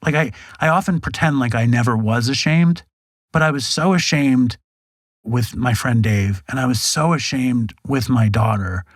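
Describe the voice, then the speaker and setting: A man in his forties, a guest in a podcast studio, frankly tells his story in a candid interview, swearing and acting out other people's lines. His voice is medium-pitched at a moderate pace, with no echo, and his delivery is animated.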